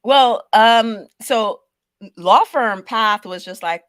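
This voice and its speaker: Jamaican-born woman guest, lively storyteller, dry close mic. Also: mid-range voice, slow, clear, resonant tone, no echo. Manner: animated storyteller who acts out quoted voices. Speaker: guest, paralegal manager. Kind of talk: conversational interview storytelling.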